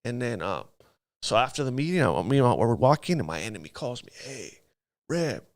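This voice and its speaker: A man's voice: medium pitch, very animated, quick pace, no echo, studio quality. A man telling his life story in an interview, in casual street slang, often asking "you know what I mean". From Los Angeles area. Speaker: guest.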